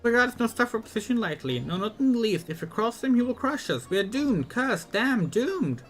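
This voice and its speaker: A man's voice: very high voice, big pitch swings, moderate pace, faint music behind. A man voicing a small, timid male kobold who wails and piles up gloomy synonyms. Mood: wailing.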